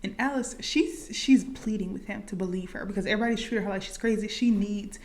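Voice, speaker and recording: A woman's voice: mid-range voice, fast talker, a little mellow. Casting note: woman vlogger, chatty recap, loose filler-heavy delivery. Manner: chatty, many likes and fillers. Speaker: movie reaction vlogger. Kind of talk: casual movie recap.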